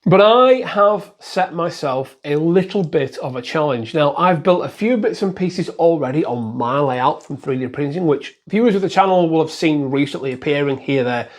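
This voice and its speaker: A man's voice: fairly high pitch, expressive, moderate pace, hardly any pauses. A man chatting casually to camera about his hobby, rambling and self-deprecating. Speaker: model railway YouTuber.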